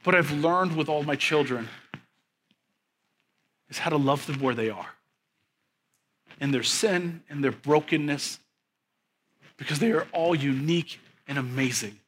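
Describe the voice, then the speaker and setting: Bright, high-voiced man preaching a sermon. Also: a little slow, pauses often, a little hiss or hum. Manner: preaching with rising, emphatic repetition; drops to a soft, quiet storytelling voice. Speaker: pastor.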